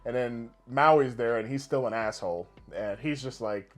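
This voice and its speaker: With soft music playing behind him, a young podcast co-host talks at a medium pitch and moderate pace. The show is a casual gaming podcast, and he tells stories animatedly, cursing plenty and laughing loudly.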